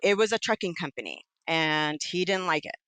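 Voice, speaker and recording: A middle-aged woman with a bright, forceful voice, recorded close and dry. She tells her own story candidly and with animation, slipping into the voices of the people she quotes. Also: fairly low pitch, expressive, moderate pace, clean tone, no room sound. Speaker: podcast guest.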